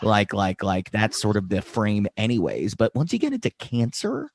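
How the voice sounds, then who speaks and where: A man's voice: on the low side, wildly swooping pitch, normal speed, no echo, clean studio sound. A young man hosting a podcast, talking eagerly and casually with lots of fillers. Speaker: podcast host. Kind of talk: casual interview chat.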